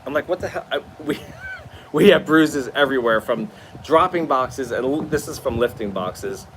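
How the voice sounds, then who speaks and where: A man's voice: medium pitch, moderate pace, a bit bright, a little hiss or hum. A tired man hosting a casual live stream from his new apartment, chatting expressively and answering viewer comments. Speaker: livestream host.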